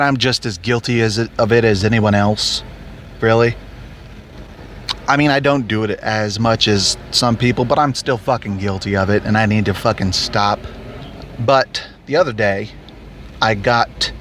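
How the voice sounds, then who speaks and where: A man's voice: medium pitch, fairly bright tone. A man hosting a podcast, ranting angrily and sarcastically, swearing nonstop while driving his car. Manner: angry, cursing constantly, sarcastic. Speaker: podcast host. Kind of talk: profane ranting monologue. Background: faint road and traffic noise.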